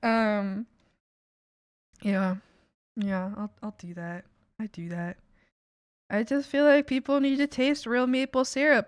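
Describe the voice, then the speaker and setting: Casual Canadian woman streamer, slightly high voice, playful and laughing, swears loosely, dry sound. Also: fairly even intonation, takes it slowly, long pauses, smooth, no room sound. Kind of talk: casual chat while drawing on stream.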